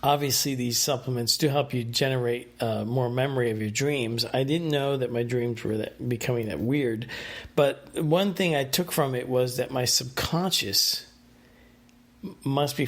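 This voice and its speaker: A man tells his dreams in a loose, rambling solo talk. His pitch sits at an ordinary middle level, and he stops often to restart with "uh" and "um". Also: unhurried. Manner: rambling, many fillers and restarts. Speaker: podcast host. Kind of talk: casual solo monologue recounting dreams.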